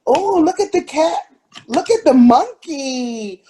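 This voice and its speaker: A woman's voice: high-pitched, expressive, slow pace, warm tone. A mother playing with her toddler over a picture book, sing-song and making animal noises. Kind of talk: playful talk with a toddler.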